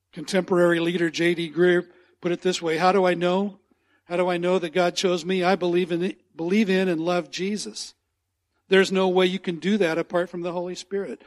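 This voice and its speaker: Male pastor, high-pitched, earnest sermon delivery that repeats key lines for weight. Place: church sanctuary.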